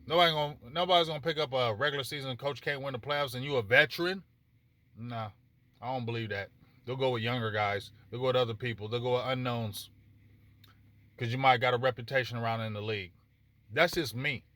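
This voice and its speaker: A man's voice: mid-range voice, a little fast, a bit bright. Passionate, emphatic sports talk man. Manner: passionate, emphatic, repetitive, addresses people directly. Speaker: sports talk show host. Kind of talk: casual sports commentary monologue.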